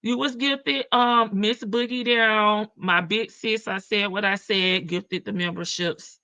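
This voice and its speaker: A woman's voice: mid-range voice, steady tone, takes it slowly, pushed and bright, clear, resonant tone. A woman with a country Southern drawl hosting a casual livestream, chatting, laughing and reading viewer comments. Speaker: livestream reaction host.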